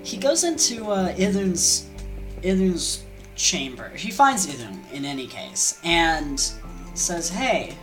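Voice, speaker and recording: A woman's voice: fairly low pitch, sing-song, takes it slowly, soft background music. A woman casually retelling an old myth, rambling with fillers, asides and slang. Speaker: storyteller.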